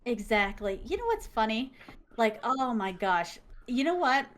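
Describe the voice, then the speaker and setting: A woman guest telling a story in an excitable, dramatic way and laughing often. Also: on the high side, a little slow. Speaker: guest, content creator. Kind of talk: animated storytelling.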